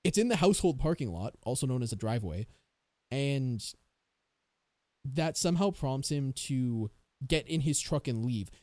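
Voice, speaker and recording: A man's voice: mid-range voice, expressive, moderate pace, warm tone, no echo. A man hosting a casual true-crime podcast, rambling and sarcastic as he thinks aloud. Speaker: podcast host.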